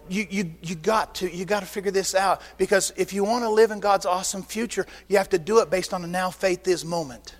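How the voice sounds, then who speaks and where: A high-pitched man preaching to his congregation, animated and full of rhetorical questions. He acts out both sides of little conversations as he goes. His voice rings out with the long reverb of a church hall. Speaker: pastor. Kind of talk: sermon. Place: church sanctuary.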